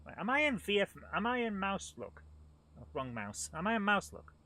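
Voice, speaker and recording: A man's voice: high-pitched, sing-song, moderate pace, sharp tone. A man hosting a live gameplay stream, talking in an exasperated, grumbling way as things go wrong.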